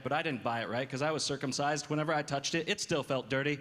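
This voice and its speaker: A man performs stand-up in a casual, halting way, leaning on fillers. His voice sits slightly high. It is recorded live in a reverberant hall with audience noise clearly audible. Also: steady tone. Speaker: stand-up comedian. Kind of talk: stand-up comedy. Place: comedy club stage.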